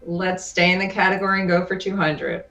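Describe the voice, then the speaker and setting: Bright-voiced middle-aged woman playing a quiz. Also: on the low side, flat delivery, brisk. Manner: hesitant, picks categories with little sighs of "oh, boy". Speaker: quiz contestant. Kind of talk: casual game play.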